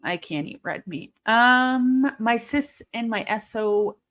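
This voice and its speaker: A woman hosts a relaxed live watch-along, talking at an unhurried pace in a fairly high voice. She chats with her viewers between matches and bursts into excited shouts at big moments. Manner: chatty, reads and answers live chat; sudden excited outbursts at the action. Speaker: live stream host.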